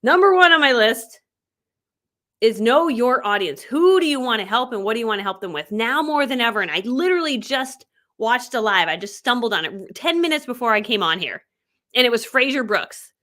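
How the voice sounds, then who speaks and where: Animated woman coach, bright voice. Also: on the high side. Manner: animated storytelling, acting out quotes. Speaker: online business coach. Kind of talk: motivational talk.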